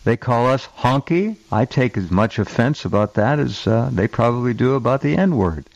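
A man's voice: medium pitch, animated, normal speed, gravelly, dry recording, highs cut off. A man hosting a talk show, speaking emphatically with hesitant starts.

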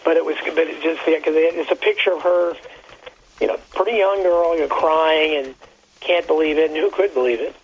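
A man calling in by phone, talking in a halting, rambling way and reading aloud as he searches. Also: on the high side, steady tone. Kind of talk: casual phone conversation. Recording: muffled phone line with faint noise.

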